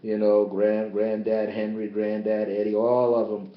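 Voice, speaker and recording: A man, a bishop and spiritual teacher, giving a livestreamed spiritual teaching into a tablet, emphatic and repetitive, swinging between loud high exclamations and low, subdued asides. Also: level tone, measured pace. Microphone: tablet device. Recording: roomy, dull lo-fi tablet livestream.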